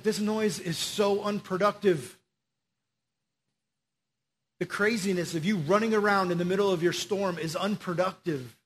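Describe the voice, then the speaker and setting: A man preaching a casual sermon to young people, slangy and animated as he tells the story. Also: sits high.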